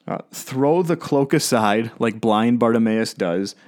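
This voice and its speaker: A man's voice: medium pitch, lively intonation, unhurried, a little mellow. Earnest conversational male preacher. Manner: conversational, earnest, with light laughs. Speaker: pastor. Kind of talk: sermon.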